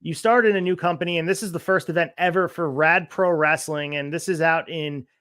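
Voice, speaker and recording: A man hosting an interview in a fairly high voice, upbeat and promotional. His sound is dry and close, with no room around it. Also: steady tone, a little fast, a bit bright, dry recording. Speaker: podcast host.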